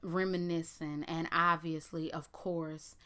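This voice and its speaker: A woman talks through a TV episode in a casual recap. Her voice sits a little low and comes across smooth and clean. She keeps up a blunt, sarcastic commentary. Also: flat delivery, slow, pushed and bright. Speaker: TV recap vlogger.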